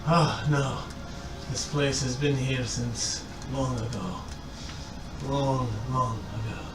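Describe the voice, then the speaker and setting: A man's voice: mid-range voice, steady tone, takes it slowly, roomy sound, far from the mic, over music, low-quality recording. A man voicing an enslaved dwarf miner with a Scottish accent, pleading and grateful. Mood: pleading, solemn.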